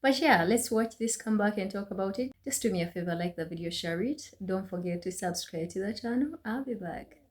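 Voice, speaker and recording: A woman's voice: medium pitch, animated, noisy background. A woman hosts her own channel and talks through a reaction video. Her mid-range voice leans hard on key words and stretches them out. The tone is earnest and direct. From Uganda. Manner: earnest, emphatic, drawn-out stresses. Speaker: channel host.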